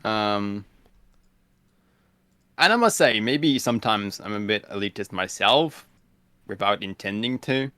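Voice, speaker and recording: A man's voice: lowish voice, expressive, measured pace, long pauses, bright, forceful tone, no room sound. A man chatting casually on a podcast, laid-back and blunt, with many "like" fillers. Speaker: guest streamer.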